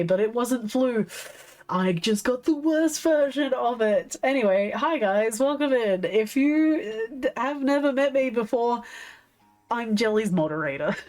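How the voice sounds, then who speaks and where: Hoarse Australian woman chatting on stream. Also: on the high side, a little mellow. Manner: chatty and giggly, reading out chat. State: hoarse, losing her voice. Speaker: stream co-host and moderator. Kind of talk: casual livestream chat.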